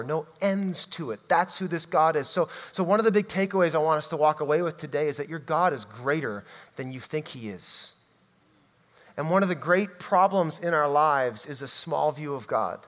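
A man preaching a sermon in a church, emphatic and swinging from loud to hushed. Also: a little high. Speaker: pastor. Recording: long reverb hall.

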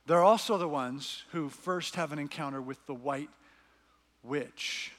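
A man's voice: fairly high pitch, a little slow, fairly bright tone, long reverb tail. A man preaching a sermon as a pastor, telling a story earnestly and reading scenes aloud.

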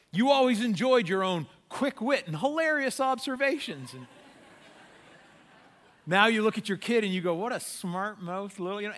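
A male pastor preaches in a chatty, animated style, spinning stories and asking the crowd questions. His voice is bright and fairly high. It rings out with a long hall reverb. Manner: conversational, animated storytelling. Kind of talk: sermon.

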